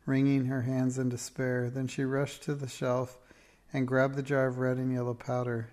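A man reading a children's storybook aloud in a steady, expressive way. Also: medium pitch, normal speed. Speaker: narrator.

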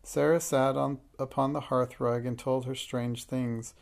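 Brief: male storybook narrator, gravelly texture, steady middle pitch. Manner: measured, even storytelling. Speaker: audiobook narrator. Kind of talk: scripted narration.

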